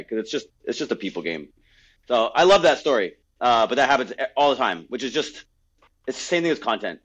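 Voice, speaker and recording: A man's voice: medium pitch, muffled recording. A man hosting a podcast, blunt and slangy, saying "dude" and "bro" often, in a casual manner. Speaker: podcast host, entrepreneur.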